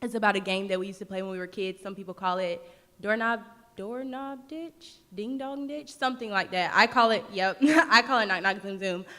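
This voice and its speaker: A woman's voice: mid-range voice, normal speed, bright, forceful tone. A woman poet from North Carolina talking to the audience and performing spoken word. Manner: engaging crowd, rhythmic delivery. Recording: reverberant library hall.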